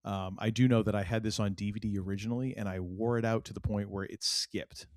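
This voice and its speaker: Rambling middle-aged New England man, low. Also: fast, dry recording, clean studio sound. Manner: rambling, animated, full of fillers and restarts. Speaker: podcast co-host. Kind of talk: casual chat.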